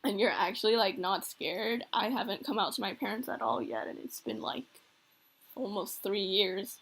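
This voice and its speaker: A woman's voice: mid-range voice, normal speed, gravelly, fairly bright tone. A young woman chatting and giggling as she reacts to a visual novel she plays on video. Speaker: gamer playing a visual novel. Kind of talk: casual let's-play commentary.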